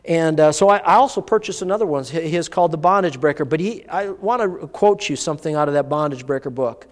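A man's voice: a little high, fast. A man preaching a sermon, telling a personal story in an earnest, vivid way. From United States. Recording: long hall reverb.

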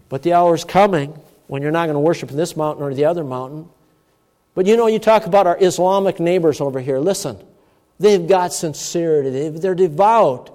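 A man preaching a sermon with emphatic delivery, moving between loud, stressed words and hushed asides. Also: high-pitched, animated, normal speed. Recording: long church-hall reverb.

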